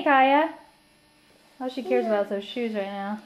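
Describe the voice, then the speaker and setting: A woman's voice: on the high side, normal speed, muffled recording. A woman talking to her toddler in a home video, with playful, sing-song, coaxing baby talk. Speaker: mother filming her toddler.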